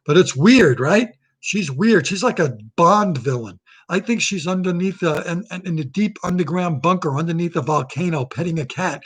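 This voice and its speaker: A man hosting his own comic monologue, rambling and sarcastic, firing off quick jokes. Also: high voice, lively intonation, breathy edge. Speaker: comedian and host.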